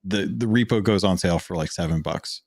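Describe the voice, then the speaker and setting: Podcast co-host, male, low voice, loose rambling chat, dry booth sound. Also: brisk, a little mellow, no echo. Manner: rambling, many fillers and restarts. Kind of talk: casual gaming chat.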